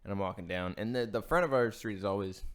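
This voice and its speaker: A man's voice: fairly low pitch, quick pace. A young man co-hosting a podcast, telling a story in casual chat with lots of restarts and swearing. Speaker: podcast co-host.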